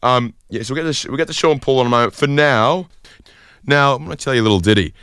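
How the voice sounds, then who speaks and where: A young man hosting a podcast, telling a rambling comic story in a deadpan way. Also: medium pitch, fast, smooth, no echo, studio quality. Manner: rambling, deadpan, lots of fillers. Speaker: podcast host.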